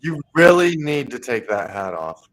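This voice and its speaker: A man's voice: medium pitch, very animated, a little slow, a crowd in the background, rough recording. A man co-hosting a casual podcast, dropping short, dry, sarcastic comments. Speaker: podcast co-host. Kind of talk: casual political chat.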